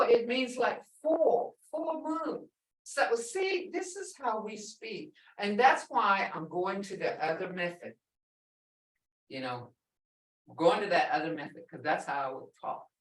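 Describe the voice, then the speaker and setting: Lively woman teaching in an echoey room. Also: medium pitch, distant mic. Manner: lively, drawn-out teaching with slow spelled-out phrases. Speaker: language teacher. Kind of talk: classroom language lesson. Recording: echoey room, voice a bit off-mic.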